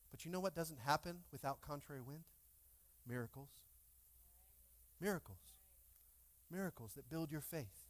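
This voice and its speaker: High-voiced animated male pastor. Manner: animated, calls out to congregation. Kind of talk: sermon. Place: church.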